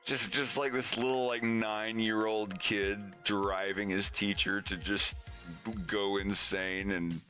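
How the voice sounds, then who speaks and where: Laid back streamer dude rambling, bright voice, slow, swears a lot. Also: male voice, lowish voice, fairly even intonation, faint music behind. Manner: rambling, laughs often, swears casually. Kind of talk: casual chat.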